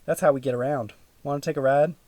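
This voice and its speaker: A man's voice: mid-range voice, fairly even intonation, quick pace, darkish tone, no echo, natural voice. A man voicing a friendly, chatty young tomboy girl in an audiobook, with a raised, eager voice. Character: chubby tomboy country girl, about twelve, friendly.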